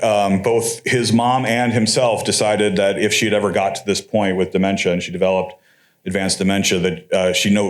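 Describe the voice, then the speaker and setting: Man lecturing at a conference, lowish voice, loose and chatty delivery, dry sarcastic asides. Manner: conversational, with wry sarcastic asides. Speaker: conference speaker. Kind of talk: academic lecture.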